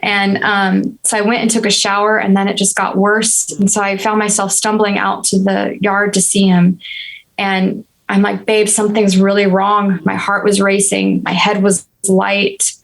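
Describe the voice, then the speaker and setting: Woman in her 30s, podcast guest, earnest flat-ish voice, just talking thru a rough time. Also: medium pitch, a little slow, rough recording. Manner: earnest, reflective, steady and even-toned. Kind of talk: candid personal storytelling.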